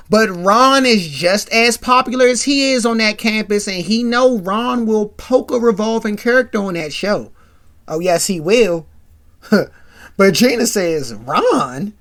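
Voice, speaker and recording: A woman hosting a show, casually recapping a TV episode with animated, slangy asides. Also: medium pitch. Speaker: show host.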